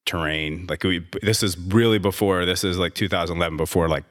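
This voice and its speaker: Very deep-voiced man telling a long story. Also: fairly even intonation, a little fast, a bit bright. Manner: rambling, sarcastic, frequent restarts and fillers. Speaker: guest, gym owner and trainer. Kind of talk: casual interview storytelling.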